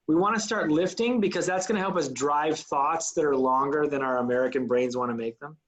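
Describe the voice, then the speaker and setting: A man's voice: a little high, fairly quick, hardly any pauses, fairly bright tone, low-quality recording. A man teaching an acting class, coaching students and demonstrating lines aloud. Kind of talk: online acting class instruction.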